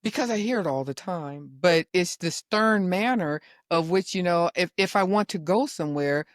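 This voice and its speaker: Middle-aged mom as guest; articulate, good-humored, mid-range voice, dry mic. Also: female voice, on the low side, lively intonation, normal speed, no echo. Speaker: guest, host's mother. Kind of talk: casual chat.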